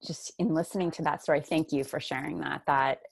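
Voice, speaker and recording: A woman's voice: deep voice, steady tone, brisk, creaky. A woman hosting a casual interview, responding supportively with many fillers and reflections. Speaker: interviewer, host.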